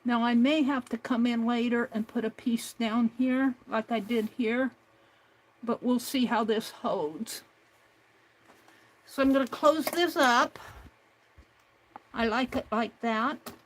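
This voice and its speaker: A woman's voice: on the high side, takes it slowly, pauses often. A woman hosting a craft livestream, talking herself through each step at her home desk. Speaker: craft channel host. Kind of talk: casual crafting livestream narration.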